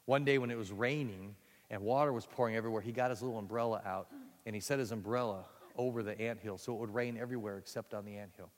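A man telling a folksy story during a sermon, animated and conversational. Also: lowish voice, fast talker. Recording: echoey hall.

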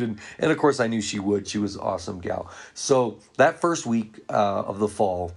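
Gravelly low-voiced man telling church stories. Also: moderate pace, few pauses. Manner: earnest anecdotal storytelling. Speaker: church ministry leader. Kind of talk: storytelling talk to ministry workers.

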